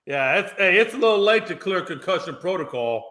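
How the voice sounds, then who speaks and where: A man's voice: sits high, expressive, a little fast, sharp tone. A man chatting casually on a sports talk show, joking and laughing often.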